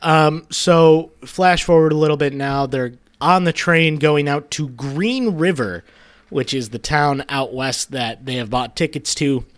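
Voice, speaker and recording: A man with a fairly high voice talks through a film plot with his co-host in a relaxed way. He jokes as he goes and laughs easily. His delivery stays loose and offhand. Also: unhurried. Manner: laid-back, laughs often, joking. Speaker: podcast co-host. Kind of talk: casual movie recap chat.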